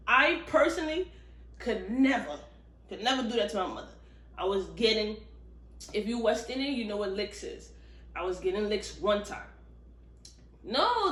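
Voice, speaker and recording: A woman recapping a thriller novel in a casual, animated book review, cursing freely and talking straight to viewers. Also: on the high side, a little slow. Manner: animated, profane, chatty storytelling. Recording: roomy echo.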